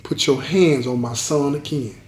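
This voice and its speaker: A man's voice: medium pitch, normal speed, a little mellow, slight background noise, lightly acted. A man voicing a fierce protective mother. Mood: threatening. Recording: roomy echo.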